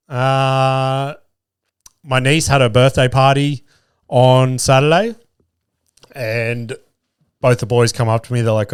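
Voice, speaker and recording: A man's voice: medium pitch, level tone, unhurried, pauses often, clear, resonant tone, no echo, studio quality. A man, hosting a podcast and telling rambling, sweary, self-deprecating stories. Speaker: podcast host. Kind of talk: casual storytelling chat.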